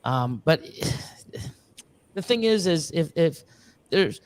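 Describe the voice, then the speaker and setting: A man from Canada talking casually on a live stream, rambling earnestly with many restarts and fillers, sometimes mimicking other people in quick bursts. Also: a little high, animated, clear, resonant tone. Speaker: reptile breeder guest.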